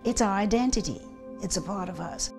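A woman's voice: medium pitch, a little fast, over music. An older woman from Bermuda with a Bermudian accent, talking emphatically and telling stories in a documentary interview. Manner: emphatic, animated storytelling.

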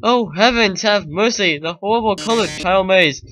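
A man's voice: high-pitched, a bit bright, a little hiss or hum, poor audio. A man voicing a flamboyant male showbiz robot villain in a theatrical, camp manner, over game music. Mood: mock-tragic. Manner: dramatic, camp, drawn-out mock grief.

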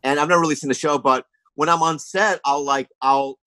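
A man's voice: a little high, steady tone, a little fast, pushed and bright, dry recording. A man guest on a comedy podcast, telling rambling stories in casual chat and saying "you know what I mean" often.

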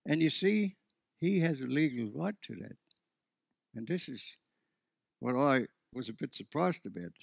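A man's voice: medium pitch, animated, measured pace, creaky, pauses often, dry recording, studio quality. A man preaching a sermon as pastor, earnest and often restarting his sentences. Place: church.

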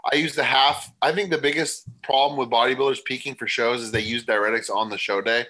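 Bright-voiced blunt bodybuilder guest. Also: male voice, medium pitch, fairly even intonation, quick pace, low-quality recording. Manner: blunt, swears casually, many restarts. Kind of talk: casual podcast chat.

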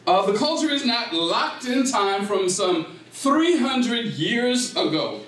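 An older man giving a lively, interactive lecture in a library room. He talks slowly and deliberately, laughs often, and quizzes his audience. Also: high voice. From Gullah Geechee community, South Carolina. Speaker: speaker. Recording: echoey room, from far off.

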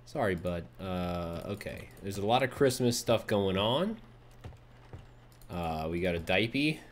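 A man's voice: sits low, animated, a little slow, a little hiss or hum. A young man giving casual gameplay commentary on a let's play, reacting with startled yelps and swearing and cooing at an in-game baby.

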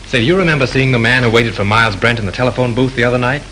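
Brisk, bright male investigator from an old talkie, rapid questions, played by an actor. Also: mid-range voice, a little hiss or hum, lightly acted, poor audio. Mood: determined. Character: brisk male studio investigator, adult, persistent. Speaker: studio man asking questions.

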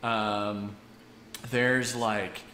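A man hosting a casual live stream, excitable and rambling, laughing often between restarts. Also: lowish voice, extremely slow, roomy sound, slight background noise. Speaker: host.

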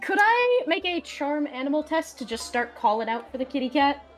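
A woman's voice: sits high, normal speed. A woman playing a tabletop game, laughing often and breaking into goofy in-character lines. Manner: giggly, animated, goofy in-character asides. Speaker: player.

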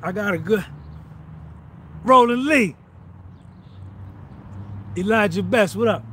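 A man's voice: high voice, quick pace, fairly bright tone, slight background noise. A man hosting a casual livestream outdoors, hyped and boastful, switching into a pushy coaching tone. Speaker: livestream host.

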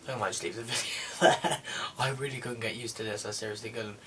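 A fast-talking young man comments casually on his gameplay for a gaming video, grumbling and muttering in an unenthused way. His fairly low voice holds a steady, fairly bright tone. There's slight background noise, music behind him, and the mic is distant.

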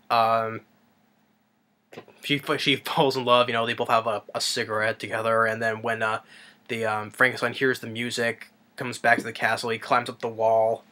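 A man's voice: mid-range voice, bright, forceful tone. A man casually recapping a movie in a rambling way, with lots of ums and restarts. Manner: rambling, with many fillers and restarts. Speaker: movie reviewer.

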